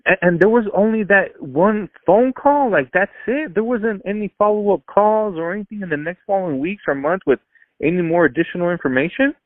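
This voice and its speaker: A man's voice: high voice, a little fast, no echo. A male journalist interviewing a guest, asking short, pointed follow-up questions. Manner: questioning, brief. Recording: tinny phone line, dry.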